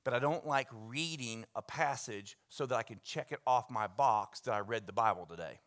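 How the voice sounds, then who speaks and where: A man preaching as a pastor, telling stories with big swings from hushed asides to loud bursts. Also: mid-range voice. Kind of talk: sermon. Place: church sanctuary.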